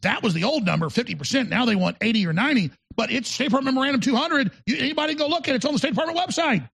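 A man hosts a talk show in an emphatic, rambling monologue. His voice sits high and rough with heavy gravel, and it has a husky edge. He often stumbles back over his own words. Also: animated, very fast, a bit bright. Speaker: show host.

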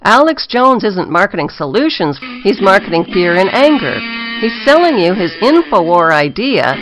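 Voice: medium pitch, sing-song, normal speed, music in the background, poor audio. A documentary narrator reading a scripted, mocking satirical voice-over. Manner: mocking, sardonic.

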